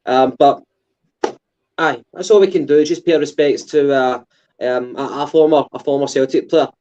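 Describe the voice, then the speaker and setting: A man's voice: fairly high pitch, steady tone, normal speed, warm tone, highs cut off. A Scottish man co-hosting a casual football podcast, hesitant with many fillers and restarts. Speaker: podcast co-host.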